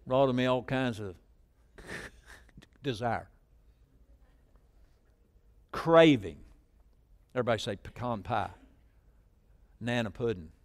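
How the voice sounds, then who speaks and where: A middle-aged man, preaching a sermon, jumping between loud shouted lines and quiet asides, and calling on the congregation to repeat phrases. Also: medium pitch, slow pace, pauses often. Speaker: pastor. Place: church.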